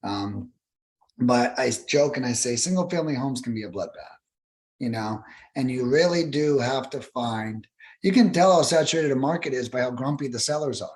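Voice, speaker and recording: A young adult man speaking casually as a podcast guest, animated and profane, acting out callers in high voices. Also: normal speed. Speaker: guest, cold calling expert.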